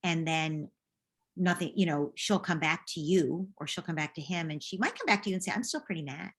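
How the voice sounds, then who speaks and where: A woman answering a parent's question as a parenting coach, gently modeling what to say to children. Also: low-pitched, brisk. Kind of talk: advice in a live Q&A.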